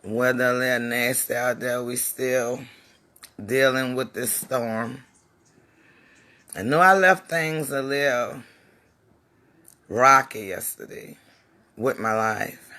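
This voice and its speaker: A woman hosting her own live-stream talk show, talking heartfelt and preachy straight to her viewers, emotional, with halting restarts. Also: rumbling low, sharp tone, dry recording.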